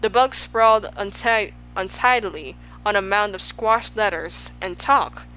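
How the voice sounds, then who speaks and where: A woman reading a children's storybook aloud as the narrator, lively and expressive. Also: medium pitch, unhurried, a little hiss or hum, poor audio. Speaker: audiobook narrator.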